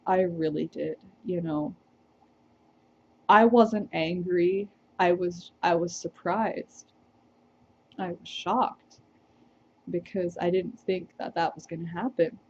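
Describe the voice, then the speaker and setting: A woman's voice: lowish voice, slow pace, pauses often, darkish tone, lo-fi sound, a little hiss or hum. A woman vlogger telling a personal story to the camera, reflective and hesitant, with small laughs.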